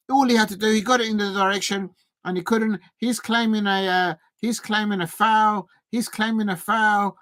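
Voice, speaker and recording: A man hosting a live football watch-along, chatting with viewers and getting excitable, even shouting, at big moments in the match. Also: high voice, a little fast, dry recording. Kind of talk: live match reaction and chat.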